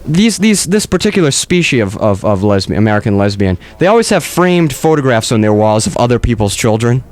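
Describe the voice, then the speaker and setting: A man's voice: medium pitch, sing-song, a little fast. A man hosting a comedy podcast, rambling through a mock-earnest monologue with many restarts. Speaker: podcast host.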